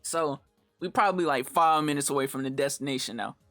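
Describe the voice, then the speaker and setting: This storytime YouTuber, a young adult man, rambles through a tale over gameplay, cursing in casual slang and voicing the quotes with big pitch swings. He talks a little fast in a bright, forceful tone, with soft background music and no echo.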